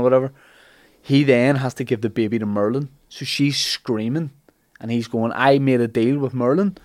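A man retelling an old legend as comic chat, acting out the characters' lines in animated bursts. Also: mid-range voice, no room sound. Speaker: podcast host telling a legend.

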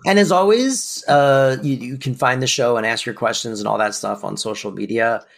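A man's voice: mid-range voice, normal speed, gravelly. A young man co-hosting a podcast in casual chat, playful and jokey. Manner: playful, sings silly improvised jingles. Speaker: podcast co-host.

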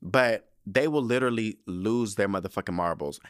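Guy doing a podcast recap, kinda low voice, super animated and cussing a lot, dry close sound. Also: normal speed, clear, resonant tone, dry recording. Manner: animated, profane, slangy, dramatic asides. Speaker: podcast host recapping a TV episode. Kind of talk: casual solo podcast recap.

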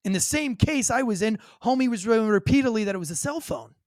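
A former police officer telling a personal story in an interview, in a blunt and profane way with vivid detail. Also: male voice, extremely high pitch, animated, fast talker, no room sound, studio quality.

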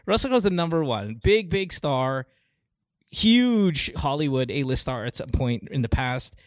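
Animated Filipino male talk host, dry sound. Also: mid-range voice, a little slow, dry recording. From Philippines. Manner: animated, talks through examples with frequent restarts and laughs. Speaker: radio show host. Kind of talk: casual chat with callers.

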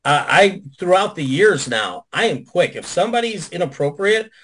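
A man with a slightly raised voice tells stories to a video call audience. He is animated and profane, and he jumps into other people's lines to act them out. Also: high-pitched, normal speed, husky, poor audio. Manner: animated, profane, acts out quotes. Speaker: guest. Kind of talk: casual storytelling on a video call.

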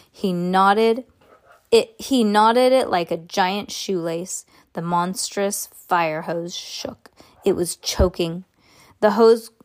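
A woman reads a children's chapter book aloud in a mid-pitched voice. She stumbles, restarts and fixes her words as she goes. She gives the sound words extra punch. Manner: halting, self-correcting read-aloud with lively sound words. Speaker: reader.

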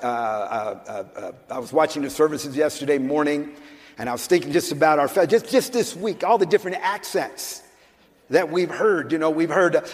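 Older male preacher, high voice, emphatic and conversational, long hall reverb. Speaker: pastor. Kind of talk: sermon. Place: church sanctuary.

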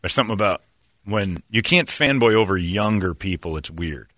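A forty-something man spins casual anecdotes with a low voice that swings widely in pitch. His tone is bright and forward, and the close, dry sound has almost no room in it. He keeps jumping into shouted, high-pitched impressions. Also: normal speed, dry recording. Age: 40s. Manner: animated, jumps into loud high impressions and shouts. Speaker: radio show host. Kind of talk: casual podcast storytelling.

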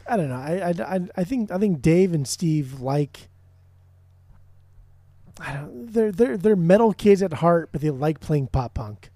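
A man's voice: fairly high pitch, animated, a little slow, mellow, dry recording. A man co-hosting a podcast in casual music chat, rambling, swearing often and restarting his sentences. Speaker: podcast co-host.

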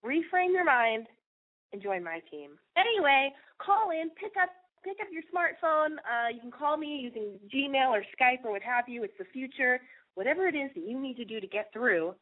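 A woman's voice: high-pitched, animated, normal speed. A young woman hosting a call-in podcast, rambling in a brash, profane way, sniffly and nasal from a cold. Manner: crude, rambling, lots of "like" and swearing. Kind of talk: brash confessional monologue. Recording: tinny phone-like audio.

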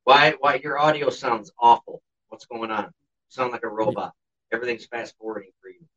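A man's voice: mid-range voice, a little fast, sharp tone. A man co-hosting a podcast, telling a story in a blunt, sarcastic way, swearing constantly. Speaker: podcast co-host. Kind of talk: casual podcast chat. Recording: dull lo-fi sound, distant from the mic.

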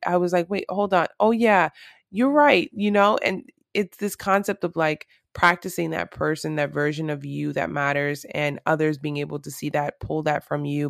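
A woman's voice: low voice, creaky, no room sound, studio quality. A woman talking to camera in a casual, reflective monologue, earnest and rambling with lots of fillers.

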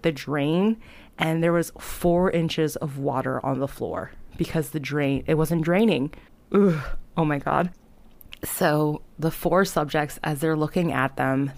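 A woman's voice: low voice, darkish tone, no echo. A young woman casually retelling a horror story in a chatty way, full of filler words and disgusted reactions.

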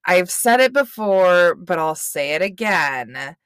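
A woman's voice: fairly low pitch, very animated, slow pace, fairly bright tone, smooth, dry recording, studio quality. A woman co-hosting a podcast, recapping a TV show in casual chat, teasing and giggly. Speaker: podcast co-host.

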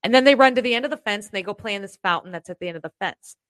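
A woman telling a rambling, animated story in casual chat as a podcast co-host. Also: mid-range voice, rapid-fire, no room sound, clean studio sound.

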